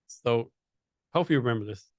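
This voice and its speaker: Male podcast host, rapid delivery, dry recording; quick, prompting questions. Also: medium pitch, animated, no echo. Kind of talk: casual interview.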